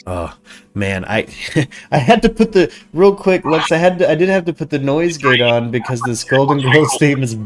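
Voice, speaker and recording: A man's voice: a little high, animated, moderate pace. A man hosting a live podcast in a casual, rambling, profane style, chatting with callers. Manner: profane, rambling, laid-back. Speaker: podcast host. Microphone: desk microphone with noise suppression.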